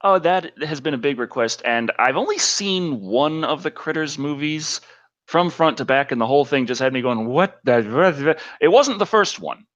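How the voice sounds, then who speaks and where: A man's voice: a little high, lively intonation, moderate pace, a bit bright. A man hosting a live show, chatting casually, rambling and laughing often. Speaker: show host. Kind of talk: casual live-stream chat. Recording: slightly dull lo-fi audio.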